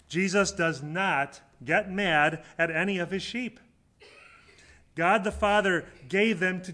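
A pastor delivers a sermon in an earnest, conversational way, swinging between loud, emphatic lines and quiet, low asides.

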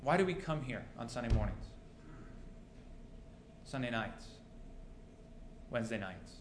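A man's voice: mid-range voice, animated, unhurried, noisy background. A male pastor preaching a sermon to his congregation, mixing rhetorical questions with dry humor. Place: church sanctuary. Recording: roomy church echo.

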